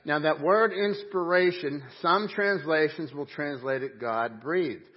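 A man's voice: a little high, unhurried. A man pastor preaching a sermon in church, emphatic with folksy asides and audible huffing breath. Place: church sanctuary. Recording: dull muffled audio.

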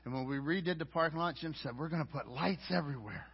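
Middle-aged pastor preaching with loud and quiet swings. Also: male voice, quick pace, gravelly, husky. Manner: swings between loud emphatic lines and quiet low asides. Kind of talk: sermon. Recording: dull lo-fi audio.

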